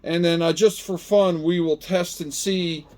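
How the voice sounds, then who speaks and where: A middle-aged man talks his way through a hands-on product test, loose and chatty. His voice sits a little higher than most men's, and he keeps up an animated running commentary. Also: unhurried. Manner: chatty and animated, talks to himself while testing. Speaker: gardening channel host. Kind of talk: casual product-testing vlog.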